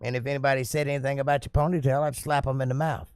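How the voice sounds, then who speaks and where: A relaxed man chats his way through a live stream, reading out viewer comments and answering each one in a folksy, easygoing way. His voice sits at a middle pitch and sounds close and dry, with no room around it. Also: racing, clear, resonant tone, dry recording.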